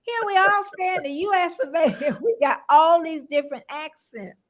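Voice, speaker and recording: Chatty high-voiced older woman host. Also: lively intonation, normal speed, fairly bright tone. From Florida. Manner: chatty, laughs often, greets viewers by name. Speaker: livestream host. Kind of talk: casual livestream chat.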